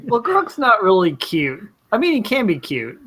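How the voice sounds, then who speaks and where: Male host, slightly high voice, bright, relaxed panel chat. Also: moderate pace, slight background noise. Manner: relaxed, chatty, calls on each guest in turn. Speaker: host of a fan panel show.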